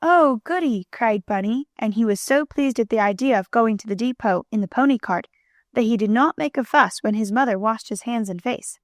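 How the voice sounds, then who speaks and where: A woman narrating a children's storybook in a clear, even manner. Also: fairly high pitch, brisk, no echo, studio quality. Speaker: audiobook narrator.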